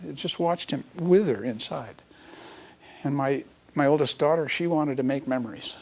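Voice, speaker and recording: This is a middle-aged man speaking in an interview. His voice sits at an ordinary, middle pitch. He recounts a personal story in an earnest, reflective way. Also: normal speed, darkish tone. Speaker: interview guest, author.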